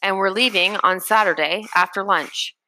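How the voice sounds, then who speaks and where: A woman's voice: mid-range voice, normal speed, sharp tone, slight background noise, rough recording. A woman reading the part of a curious, kind young boy who speaks earnestly and a little hesitantly.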